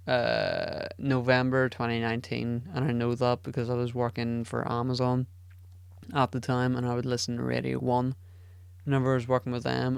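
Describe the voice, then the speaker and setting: In a clean studio recording without echo, a man hosts his podcast alone, wandering through casual talk, cursing frequently and running himself down. His medium-pitched voice is creaky, clear, and resonant.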